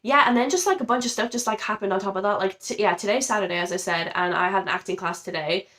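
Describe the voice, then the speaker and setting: A woman's voice: medium pitch, quick pace, sharp tone. A young woman in her twenties, sounding ill and under the weather, talking casually and emotionally to camera in a rambling vlog with many fillers. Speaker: vlogger. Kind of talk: casual confessional chat to camera.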